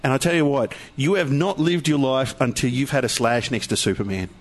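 A man's voice: medium pitch, fairly quick, a little hiss or hum. A man, a co-host who keeps butting in with teasing jokes. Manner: joking interjections, teasing. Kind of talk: casual chat.

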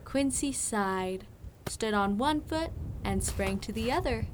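A woman narrating a children's audiobook with slow, clear storytelling. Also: fairly high pitch, lively intonation, slight background noise, rough recording.

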